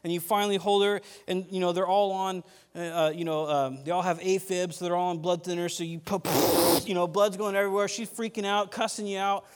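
A man preaching a casual, rambling sermon, self-deprecating and growing animated as he tells stories. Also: sits high, brisk, hardly any pauses, slight background noise. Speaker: pastor. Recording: long hall reverb.

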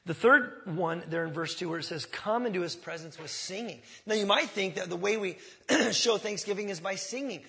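Casual preacher guy with a high gravelly voice, gets loud on the big words, church hall echo. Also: moderate pace. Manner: conversational preaching, swells loud on key words. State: coughing. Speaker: pastor. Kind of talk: sermon. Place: church sanctuary.

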